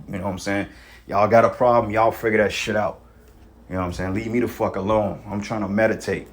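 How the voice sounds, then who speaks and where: Low-pitched guy preaching loose and informal to the brothers, cussing, lots of "you know what i'm saying". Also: fairly even intonation, quick pace, a little hiss or hum. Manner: casual street talk with profanity, repeats "you know what I'm saying". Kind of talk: informal sermon exhortation.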